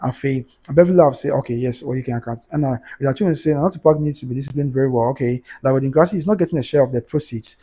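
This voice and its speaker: A man's voice: mid-range voice, fast talker, few pauses, warm tone, breathy edge. A man with a Ghanaian accent hosting a casual livestream, reading viewer comments aloud and mixing English with Twi. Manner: reads comments aloud, mixes English and Twi, repeats "okay, okay".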